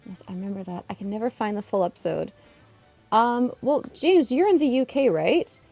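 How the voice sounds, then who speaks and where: A woman's voice: medium pitch, expressive, normal speed, mellow, soft background music. A woman in her thirties from Canada, chatting casually on a live stream while playing a game and laughing often.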